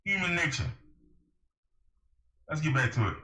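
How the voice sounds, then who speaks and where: A man's voice: fairly high pitch, animated, unhurried, sharp tone. A man delivering a preachy, emphatic monologue to camera, firing rhetorical questions at the listener. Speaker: vlogger giving advice. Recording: echoey room.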